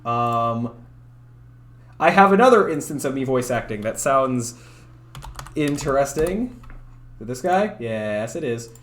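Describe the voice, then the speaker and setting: A man's voice: medium pitch, animated, unhurried, long pauses, slight background noise. A man streaming late at night, chatting casually and self-deprecatingly with many fillers, keeping his voice down. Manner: talks quietly at night. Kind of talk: casual livestream chat.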